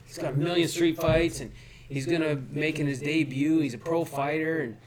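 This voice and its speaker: A man's voice: a little high, steady tone, normal speed, crowd noise. A man from Canada, a guest on a podcast, telling blunt, profane stories in casual chat. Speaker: guest, MMA fighter.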